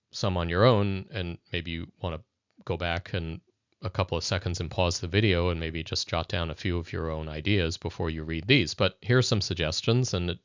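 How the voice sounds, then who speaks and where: Deep-voiced man giving a reflective lesson. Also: fairly bright tone, no room sound. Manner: thoughtful, addresses viewers directly. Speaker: educator. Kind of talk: conversational video lesson. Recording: dull lo-fi dry recording.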